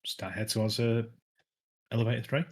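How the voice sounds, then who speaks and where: A man's voice: medium pitch, steady tone. Hesitant man playing a tabletop game. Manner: hesitant, halting. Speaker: player. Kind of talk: casual tabletop play.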